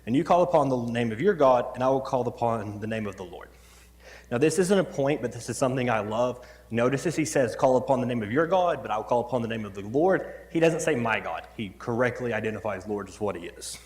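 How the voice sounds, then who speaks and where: A man's voice: medium pitch, lively intonation, fast, a little mellow. A man preaching a sermon in a church, reading scripture and adding conversational, joking asides. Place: church sanctuary. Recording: long church hall reverb.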